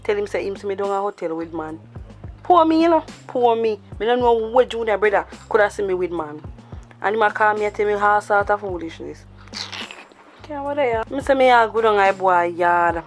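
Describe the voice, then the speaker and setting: Woman cast as a Jamaican woman in a drama, pleading patois, middle pitch, soft music under, worried about her man. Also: lively intonation, a little fast, close to an everyday voice. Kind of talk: low-budget drama acting.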